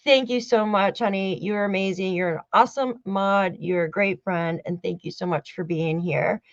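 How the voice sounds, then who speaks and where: A woman's voice: medium pitch, steady tone, normal speed, no room sound, lo-fi sound. A woman hosting a true-crime livestream in casual chat, cheerfully greeting and thanking viewers one by one.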